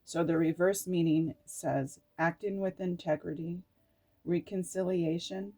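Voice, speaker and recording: Woman, middle-aged, tarot reader, slow unhurried delivery, emotional, laughing and tearful asides. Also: fairly low pitch, steady tone, dark tone. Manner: reads card meanings slowly, breaking into laughs and tearful asides. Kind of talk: emotional tarot card reading.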